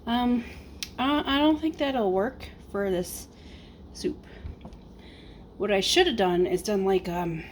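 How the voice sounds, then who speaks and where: A woman's voice: mid-range voice, takes it slowly, pauses often, a little hiss or hum. A young woman rambling casually to the camera while she cooks, a little out of breath. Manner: rambling, chatty, self-talking while cooking. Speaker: vlogger. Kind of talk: casual cooking vlog chat.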